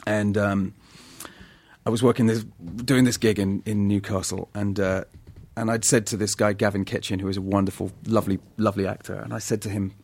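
A man telling lively anecdotes in casual chat as a guest actor, often laughing as he talks. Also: lowish voice, fairly quick. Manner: animated, laughing storyteller.

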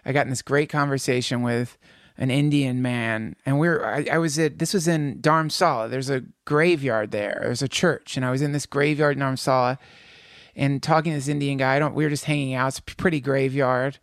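A man co-hosting a podcast, telling stories in an animated, jokey, emphatic way. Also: medium pitch, a little fast, no echo, clean studio sound. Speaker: podcast co-host. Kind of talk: casual chat.

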